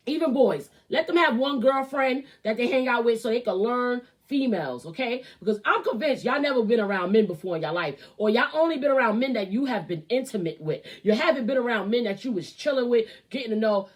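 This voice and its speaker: A woman's voice: on the high side, lively intonation, fairly quick, hardly any pauses. A woman hosting her own show, giving blunt, profane and heated commentary on celebrity gossip. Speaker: host. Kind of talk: ranting commentary.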